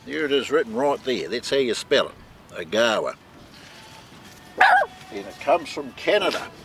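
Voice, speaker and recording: A New Zealand man with a mid-range voice and big pitch swings chats at normal speed over a noisy background. Co-hosting a vlog outdoors at a campsite, he casually shows off his gear, peppering his talk with "mate" and "eh."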